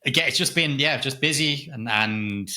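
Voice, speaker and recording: A middle-aged man talks video games on a casual podcast. He jokes and swears easily. His voice sits in a mid range with a very bright, sharp edge. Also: mid-range voice, normal speed. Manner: laid-back, jokey, swears casually. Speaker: podcast co-host.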